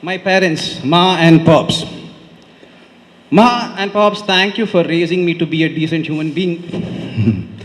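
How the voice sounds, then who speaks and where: A man's voice: a little high, takes it slowly. A young man with a Konkani Indian English accent giving a heartfelt wedding reply speech at a podium, often adding "right?". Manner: heartfelt, tag questions "right?". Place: large banquet hall. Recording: long reverb of a large hall.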